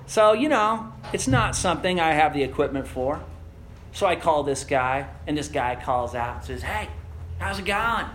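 Preacher, man, high and very expressive pitch, animated storyteller in the pulpit. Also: normal speed, slight background noise. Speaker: pastor. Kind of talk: sermon.

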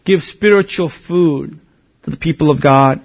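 Male pastor, slightly high gravelly voice, earnest conversational sermon, muffled lo-fi recording. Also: a little slow. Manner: earnest, conversational, many "you know" asides. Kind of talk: expository sermon.

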